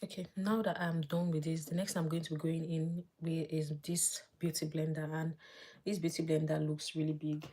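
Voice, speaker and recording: A woman vlogger chatting casually as she does her makeup live, thinking aloud and dropping to soft murmurs while she works. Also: low voice, level tone, moderate pace, slight background noise. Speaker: beauty vlogger.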